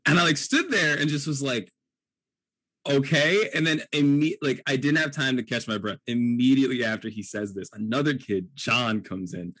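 A man in his twenties, co-hosting a podcast, telling a funny story in a casual, animated way. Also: medium pitch, moderate pace, husky, dry recording. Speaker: podcast co-host.

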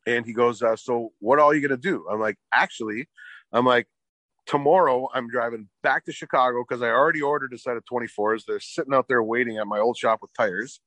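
A man's voice: medium pitch, brisk, fairly bright tone, no echo. A man telling a long car story in casual chat, swearing often and filling with "like". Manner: profane, rambling, fillers like "like".

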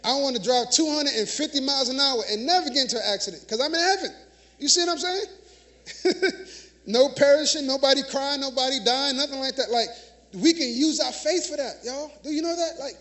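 In a church sanctuary, a man preaches with an extremely high, expressive, fairly bright voice, talking a little fast. His sermon is conversational and full of laughter, "y'all," and "right?", as he guides call-and-response and has the congregation repeat words back.

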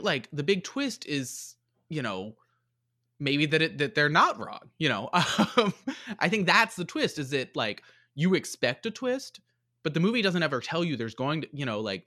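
With a mid-range voice and a sharp tone, this man co-hosts a podcast and reviews a movie in a casual, rambling way. He peppers his talk with fillers and "like" after "like."

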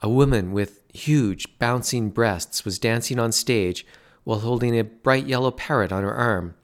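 A man narrating a story in a measured, dry way. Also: mid-range voice.

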